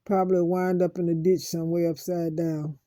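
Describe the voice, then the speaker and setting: Aggrieved woman repeating herself, warm dry voice. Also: lowish voice, little pitch movement, dry recording. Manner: aggrieved, repeats phrases over and over; slow, heavy pauses. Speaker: vlogger. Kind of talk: emotional personal monologue.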